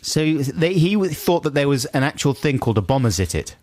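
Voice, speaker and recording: A man co-hosts a comic radio show and reads listener emails aloud, playing up the funny quotes. His pitch moves around a lot and the studio sound is dry and close. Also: sing-song, brisk, darkish tone, no room sound. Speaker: radio co-host.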